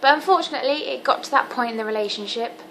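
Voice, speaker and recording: A seventeen-year-old woman talking candidly to camera in a personal vlog, earnest and halting with frequent ums. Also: high-pitched, lively intonation, a bit bright, slight background noise, low-quality recording. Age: teens. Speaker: vlogger.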